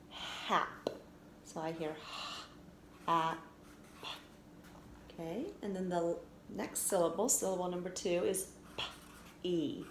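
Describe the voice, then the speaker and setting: Slow, careful woman teaching phonics. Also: on the low side. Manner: slow, clear, sounding out letters. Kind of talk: recorded phonics lesson for children. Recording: echoey room with faint noise.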